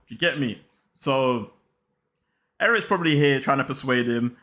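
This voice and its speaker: Hyped young football vlogger. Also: male voice, medium pitch, normal speed, bright, forceful tone. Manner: slangy, hyped, talks straight to viewers. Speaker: football channel host. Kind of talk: casual football vlog chat.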